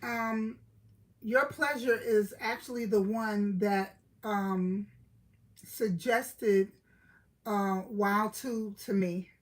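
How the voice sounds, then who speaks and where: A woman's voice: medium pitch, steady tone, extremely slow, poor audio. A middle-aged woman from Brooklyn with a New York accent, chatting casually with live-stream viewers, greeting them by name and laughing often.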